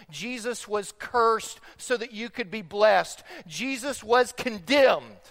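Pastor, male, very high voice, emphatic delivery that rises loud and drops quiet, in a reverberant sanctuary. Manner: emphatic preaching that swings between loud stressed phrases and quiet slow ones. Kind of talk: sermon. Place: church sanctuary.

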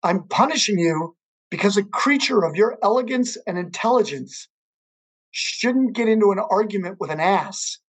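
A calm, wise lion king hands down judgment in a spoken fable, as a man puts him on. His delivery is measured and lecturing. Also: high-pitched, slightly rough, poor audio. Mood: wry.

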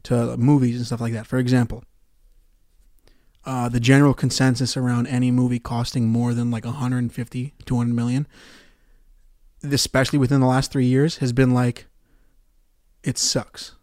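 A young man hosts a solo podcast, swearing and ranting sarcastically about his movie theater job, swinging from loud outbursts to quiet mutters. His voice is mid-range and level, at a moderate pace, recorded clean in a studio with no room sound.

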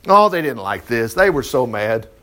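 A middle-aged man, teaching the Bible in a folksy, animated way with chuckling asides. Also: medium pitch, normal speed. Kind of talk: informal Bible study commentary.

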